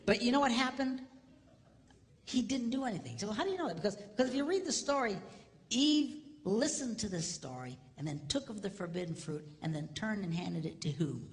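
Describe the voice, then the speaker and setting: A middle-aged man giving a comedic marriage seminar, animated, acting out voices and dropping to a whisper for emphasis. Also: high voice, brisk, big-room sound. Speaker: seminar speaker.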